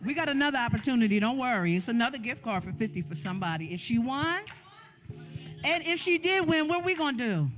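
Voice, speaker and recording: A woman with a high voice emcees a community gathering over a live microphone, firing up the room with call-and-response and running quick games. Faint music sits beneath her. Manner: energetic call-and-response with the crowd. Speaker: event emcee. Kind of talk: crowd hype and game hosting. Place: large event room with tables.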